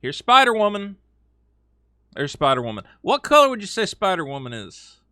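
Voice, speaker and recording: A man giving casual opinion commentary as a video host, animated and sarcastic, slipping into mocking quoted voices with frequent fillers. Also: high-pitched, moderate pace, no room sound, studio quality.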